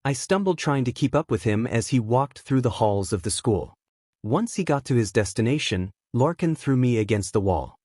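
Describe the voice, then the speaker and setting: A man reading a fanfiction story aloud as a first-person narrator, in a subdued, even way of telling it. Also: medium pitch, normal speed, dry recording, studio quality. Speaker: fanfiction reader.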